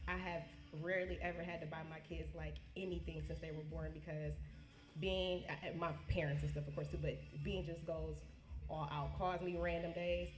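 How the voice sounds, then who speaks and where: Halting woman giving a tearful toast. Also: on the low side, fairly even intonation. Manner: halting, restarts often, emotional. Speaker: niece giving a birthday tribute. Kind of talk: heartfelt casual speech. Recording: echoey room.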